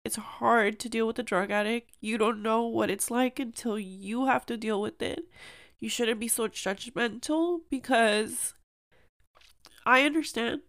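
A woman's voice: fairly high pitch, steady tone, a little slow, a bit bright, no echo. A young woman hosting a podcast, speaking earnestly and emotionally in a personal monologue, at times close to tears. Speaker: podcast host.

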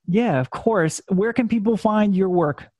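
A man hosting a podcast, friendly and relaxed, with fillers as he wraps up. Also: high voice, unhurried, no echo. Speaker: podcast host. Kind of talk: casual podcast wrap-up.

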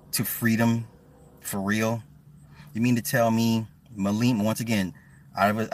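A man's voice: lowish voice, distant mic, a little hiss or hum. A man ranting bluntly and profanely on a casual livestream from his car, often repeating words as he talks to his viewers. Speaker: livestream host.

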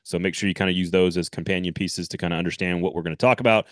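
Podcast co-host, male, lower register, dry close mic, chatty and animated. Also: rapid-fire, dry recording. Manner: animated, laughs often, rambling restarts. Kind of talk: casual sports podcast chat with ad read.

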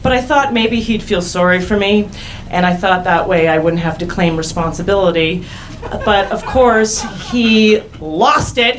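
A young woman tells a candid story to a live audience, wry and quick to laugh at herself. Her voice sits at an ordinary middle pitch, with a faint hiss of noise underneath. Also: poor audio. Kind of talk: personal story told on stage.

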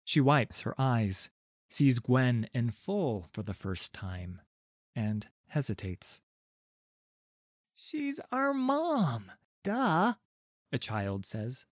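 A man reading a fantasy story aloud in a calm, measured and gently expressive way. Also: fairly low pitch, no echo, clean studio sound. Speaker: narrator. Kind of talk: scripted storybook narration.

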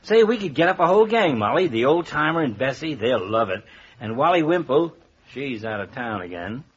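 Jovial husky radio doctor. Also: male voice, mid-range voice, very animated, fairly quick. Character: jovial teasing small-town doctor. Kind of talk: 1940s radio comedy acting. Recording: dull lo-fi old radio transcription.

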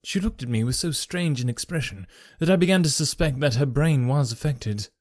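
A man narrating a story aloud in a measured, formal storytelling manner. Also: mid-range voice, no room sound, studio quality. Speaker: audiobook narrator. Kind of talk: scripted narration.

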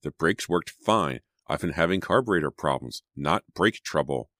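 A man voicing an excitable, suspicious teenage girl in an audiobook, in a raised, emphatic voice. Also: very deep voice, moderate pace, dry recording, studio quality, heavily acted. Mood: bitter.

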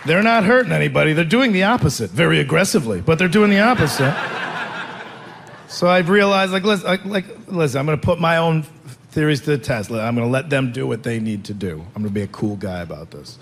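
A man's voice: on the high side, expressive, fast, vocal fry, a bit bright, a faint crowd, slight background noise. A man performing stand-up comedy, telling a rambling, self-mocking story.

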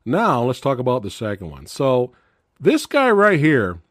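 A man's voice: medium pitch, a little slow. A man hosting a horror movie review podcast, chatting casually and telling stories with frequent laughter. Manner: chatty, animated storyteller who laughs often. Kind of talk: casual chat.

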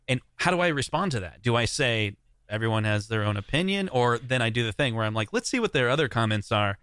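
A man, a guest on a podcast, chatting casually and telling animated stories that act out what others said. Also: mid-range voice, fast, clean tone, no echo. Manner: animated storyteller, acts out quoted comments. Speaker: guest, YouTuber. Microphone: remote recording mic.

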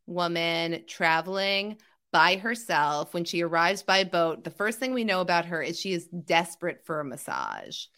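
Giggly bright-voiced woman podcaster. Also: lowish voice, sing-song, moderate pace, smooth. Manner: giggly, playful, mimics characters' lines. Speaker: podcast co-host. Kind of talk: casual recap chat.

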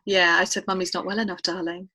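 A woman's voice: on the low side, little pitch movement, fast talker, sharp tone, rough recording. A woman, candidly retelling a painful personal story in a podcast interview. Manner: candid, emotional retelling with quoted dialogue. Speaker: guest.

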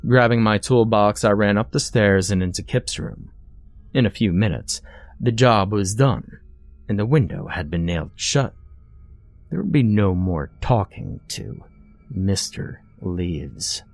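A man narrates a scripted horror story in the first person, measured and expressive. His voice sits fairly low but rises and falls widely. The recording is close and dry, with no room sound. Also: dry recording, soft background music.

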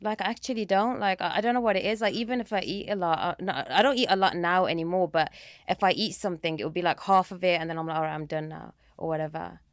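A woman's voice: fairly low pitch, steady tone, fast talker, no room sound. Chatty young woman, dry sound. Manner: chatty, uses many fillers like "like" and "you know". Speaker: guest. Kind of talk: casual chat.

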